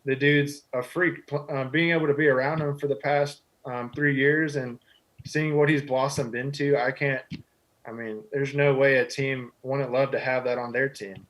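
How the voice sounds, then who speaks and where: A man's voice: medium pitch, steady tone, normal speed, fairly bright tone, poor audio. A man in his twenties from Texas, a quarterback answering interview questions in an easygoing, humble way with many "you know" fillers. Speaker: guest, football quarterback.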